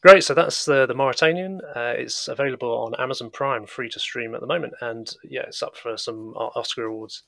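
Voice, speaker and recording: A man's voice: medium pitch, a little fast, vocal fry, few pauses, fairly bright tone, no room sound, studio quality. A man hosting a casual film podcast, speaking earnestly and reflectively with frequent restarts. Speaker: podcast host. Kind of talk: casual film review chat.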